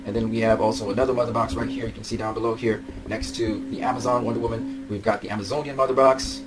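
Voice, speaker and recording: Over music on a low-quality recording, a young man rushes through excited commentary on collectible figures for his vlog. His voice is on the low side and flat, yet he gushes, repeats himself, and bursts into laughter and shouts.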